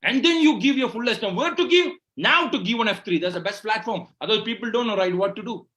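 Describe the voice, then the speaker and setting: A man from Kerala with a Malayali Indian English accent, giving an animated motivational speech full of rhetorical questions. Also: high-pitched, quick pace. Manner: animated, rhetorical questions, tag "right?" after each point. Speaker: motivational speaker.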